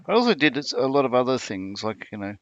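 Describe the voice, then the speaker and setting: A middle-aged man talks on a video call, halting and filling gaps with "um" and "you know". His voice sits at a plain, middle pitch, with a faint hiss of noise under it. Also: big pitch swings, fairly bright tone, dull audio. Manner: halting, many ums and you-knows. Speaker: panel guest, military veteran. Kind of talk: casual chat on a livestream.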